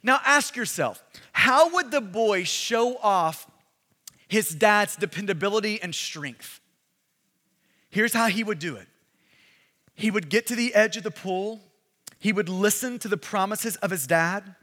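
A pastor preaching a sermon with emphatic, repetitive delivery that builds to shouts, recorded in a large hall. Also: male voice, high-pitched, expressive, a little slow, pauses often. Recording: long hall reverb.

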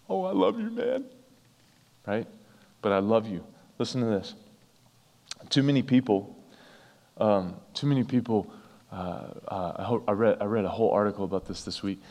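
A pastor preaches a sermon to his church in the sanctuary, earnest and emphatic, repeating phrases for effect. His voice is on the low side with a darkish tone, and the church hall is reverberant.

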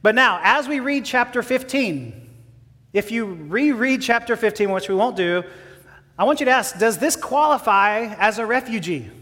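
A man's voice: sits high, lively intonation, moderate pace, bright, forceful tone. A man preaching a sermon in an earnest, impassioned way, building to emphatic declarations. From Texas. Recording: long hall reverb.

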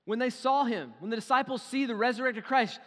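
Male pastor with a high voice. Dynamic sermon delivery, from hushed to loud. Long hall reverb. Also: a little fast. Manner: dynamic preaching, swinging from hushed to loud and acting out quotes.

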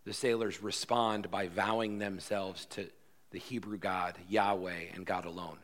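A man's voice: low voice, steady tone, a little slow. A man preaching a sermon as pastor, emphatic and conversational, acting out quoted lines.

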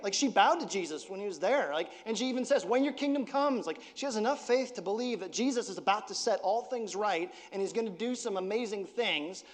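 High-voiced pastor preaching in reverb. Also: male voice. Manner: conversational preaching, acts out quotes with rising emphasis. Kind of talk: sermon. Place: church sanctuary. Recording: long hall reverb.

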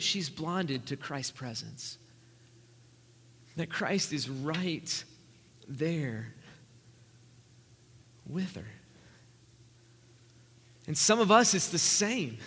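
A man with a high, bright voice delivers an earnest, conversational sermon to his congregation. He slips into quick voices for the people in the story he tells. His words ring out with a long reverb through the church sanctuary. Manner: earnest, conversational preaching with acted-out quotes. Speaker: pastor.

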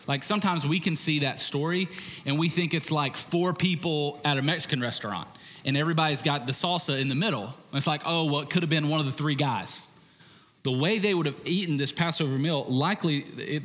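A man's voice: medium pitch, a bit bright, in a large hall. A man preaching a sermon as pastor, in a conversational style with joking asides.

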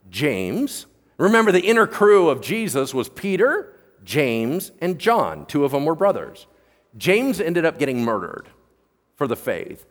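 A man preaching a casual sermon as pastor, telling the story with lively, playful energy. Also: a little high, in a large hall. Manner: animated storytelling, acts out characters in a playful voice.

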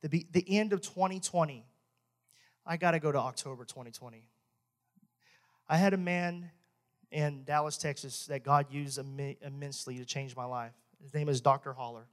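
Young male minister, high voice, lively joking testimony with frequent laughs. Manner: animated, joking, laughs often. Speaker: church minister. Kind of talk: testimony sermon. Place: church.

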